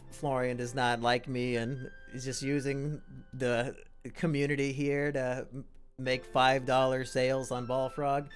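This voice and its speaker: Offhand male streamer, dry reactions. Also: mid-range voice. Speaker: streamer host. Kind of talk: casual stream commentary.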